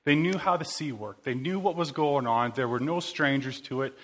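A man's voice: medium pitch, normal speed. A man giving a loose, conversational sermon, rambling and informal with lots of fillers. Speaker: preacher.

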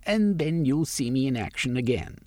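A man voicing a proud, sharp-tongued woman who leads a political group, combative and sarcastic in an audiobook story. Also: medium pitch, expressive, normal speed, no room sound, pitched above the performer's own voice, natural voice. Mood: defiant.

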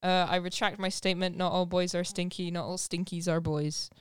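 Lively woman co-host, smooth and dry. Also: on the low side, fairly quick, no echo. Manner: lively, laughing. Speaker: podcast co-host. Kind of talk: casual chat.

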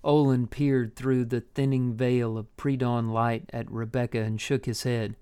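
A man reading a story aloud in measured, unhurried audiobook narration. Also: mid-range voice, level tone, mellow, clean tone.

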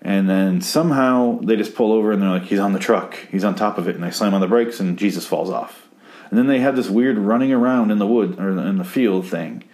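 A man's voice: fairly low pitch, fairly quick, a little mellow. A young man rambling through a sarcastic, profane recap of a TV episode. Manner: rambling, sarcastic, swears a lot.

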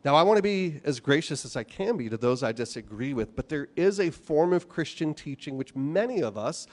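A man preaching a sermon, animated, asking rhetorical questions and acting out the voices of the people he quotes. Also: fairly high pitch, brisk. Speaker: pastor.

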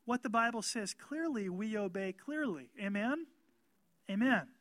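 A man preaching a sermon as pastor, emphatic and calling out amens to the congregation, growing louder and more animated. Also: high-pitched, a little slow, dry recording.

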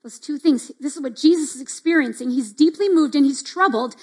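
A middle-aged church speaker with a high voice delivers a devotional teaching talk at a slightly quick pace. Her tone is casual and conversational, sprinkled with fillers such as "like" and "right?", and she acts out the small reactions she describes.

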